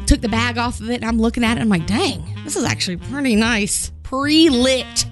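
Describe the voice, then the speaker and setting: A woman's voice: brisk, soft background music. A woman co-hosting a radio show, telling a long story in casual chat and acting out the voices in it. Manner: animated, acts out quoted voices with big pitch jumps.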